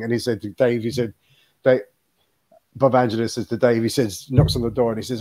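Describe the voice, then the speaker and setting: Older guest musician, lively yarn-spinner who keeps laughing. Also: male voice, mid-range voice, brisk, pauses often. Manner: animated storyteller, laughs often. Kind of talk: casual chat.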